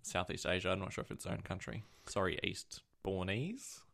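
Gravelly-voiced man rambling through stories. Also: low voice, moderate pace, fairly bright tone. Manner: rambling, self-correcting storyteller. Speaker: podcast co-host. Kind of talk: casual tech chat.

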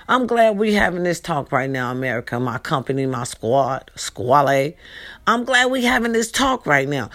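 A middle-aged woman vlogger with a lower voice speaks straight to the camera in a casual appeal to her followers. She's emphatic, repetitive, and preachy, calling viewers "baby" and "y'all."

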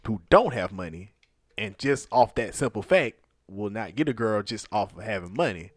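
A man's voice: fairly low pitch, lively intonation, normal speed, dry recording, clean studio sound. A young man in casual chat who plays devil's advocate with playful, provoking questions.

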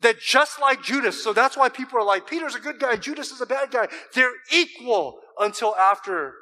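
Man, pastor, high voice, bright tone, animated sermon, playful asides. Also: poor audio. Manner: animated preaching, voicing scripture quotes with emphasis; joking asides to the congregation.

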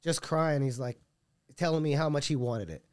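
A man's voice: a little high, normal speed, darkish tone, smooth, dry recording, studio quality. A man speaking as a jiu-jitsu coach in a casual podcast interview, rambling and earnest with many restarts. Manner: earnest and heartfelt.

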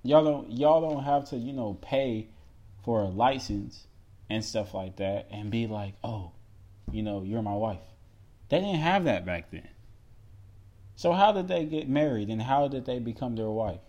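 A man hosting a podcast alone, talking casually and emphatically about scripture, reading verses slowly aloud and asking listeners rhetorical questions. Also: mid-range voice, expressive, darkish tone, lo-fi sound. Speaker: podcast host.

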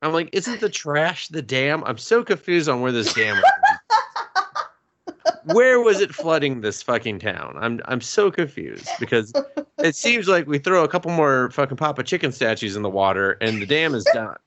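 A man's voice: mid-range voice, big pitch swings, moderate pace, noisy background. A man co-hosting a podcast in casual chat, ranting in an exasperated, profane way. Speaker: podcast co-host.

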